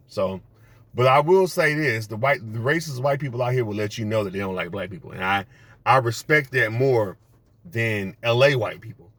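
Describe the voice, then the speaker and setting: Man, casual storytelling vlog, blunt, profane, rambling restarts, mid pitch, dry sound. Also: fairly bright tone, no room sound. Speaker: vlogger telling stories.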